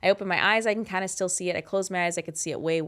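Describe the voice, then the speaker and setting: A woman in her thirties telling a personal story in a casual, animated, candid way, with frequent swearing. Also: on the low side, very fast. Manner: animated, candid and profane, with many "like" fillers. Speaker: host.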